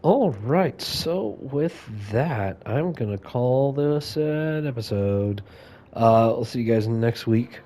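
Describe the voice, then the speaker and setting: A man's voice: medium pitch, lively intonation, slow, warm tone. A man hosting a let's play, wrapping up in a laid-back, hesitant way. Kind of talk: casual gaming commentary.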